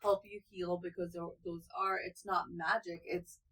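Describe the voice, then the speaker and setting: A woman's voice: fairly low pitch, level tone, normal speed, fairly bright tone, breathy edge, low-quality recording. A woman co-hosting a podcast who offers energy healing, speaking in an earnest, affirming way. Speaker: podcast co-host, energy healer. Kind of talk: casual podcast conversation.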